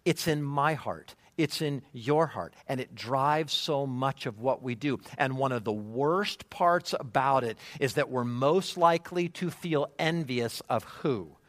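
A male pastor preaching a sermon, emphatic and animated, checking in with the congregation through rhetorical questions. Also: medium pitch, a little slow, hardly any pauses, dry recording.

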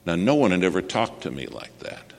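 A man's voice: low-pitched, sing-song, a little fast. A man preaching a sermon, telling a story with earnest energy and asking his listeners direct questions. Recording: long hall reverb.

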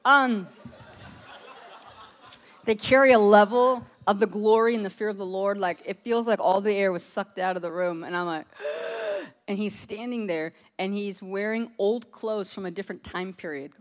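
A woman's voice: medium pitch, moderate pace. An American woman preaching to a congregation, telling a personal testimony in a casual, chatty storytelling way. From United States. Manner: conversational storytelling with frequent "like".

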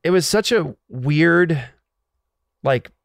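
A man's voice: on the high side, lively intonation, takes it slowly, gravelly, dry recording, studio quality. A man, a guest, telling a personal story in an earnest, emotional way with lots of "like"s. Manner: earnest, emotional, filler-heavy with many "like"s. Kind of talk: casual storytelling.

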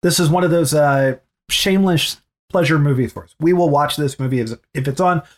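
A man's voice: fairly high pitch, brisk. A man co-hosting a comedic movie podcast, playfully quizzing and teasing the others. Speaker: podcast co-host.

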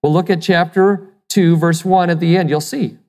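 A pastor delivers a sermon in a middle-pitched voice, pressing points home with rhetorical questions and the odd repeated word. The sound rings with the long reverb of a large hall. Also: fairly even intonation, normal speed, a little mellow. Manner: emphatic, asks the listeners rhetorical questions; repeats words when restarting.

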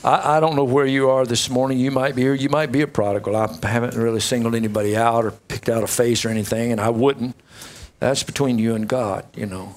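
A man's voice: medium pitch, steady tone, brisk. A man preaching a sermon and leading a closing prayer, talking in a folksy, joking and emotional way. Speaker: pastor.

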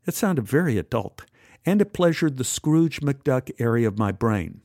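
A man tells a memoir story in a dry, wry, understated way. His voice sits at an ordinary middle pitch. The recording is close and dead dry. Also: sing-song, normal speed, darkish tone, dry recording. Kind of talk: first-person memoir storytelling.

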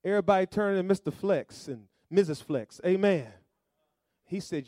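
A male pastor preaching a sermon, calling to the congregation and rising to loud emphatic bursts. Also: high voice, normal speed, no room sound, studio quality.

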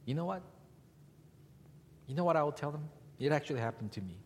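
A male pastor with a slightly husky voice preaches to his congregation, his pitch rising and falling in a lively way. He keeps asking the room rhetorical questions. His words ring out with the long reverb of a large church hall. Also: a little fast. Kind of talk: sermon.

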